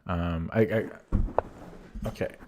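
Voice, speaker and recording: A man's voice: sits low, fairly even intonation, slow, noisy background. A man commentating his own online chess games casually, thinking aloud with many fillers and restarts, his voice getting worn out. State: losing his voice. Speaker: chess streamer.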